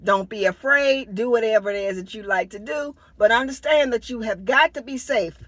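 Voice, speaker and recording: A woman's voice: on the high side, moderate pace, a bit bright, no room sound. A middle-aged American woman vlogger giving a blunt, emphatic safety talk straight to her viewers, repeating her key points for weight. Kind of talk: direct-to-camera safety talk.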